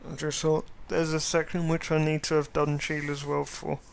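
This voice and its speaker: A man's voice: a little high, monotone, vocal fry, slight background noise. A man casually commenting on a game he is playing, hesitant and full of ums. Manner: hesitant, many ums, drawn-out pauses. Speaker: let's play host. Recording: loud game music under voice. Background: game music.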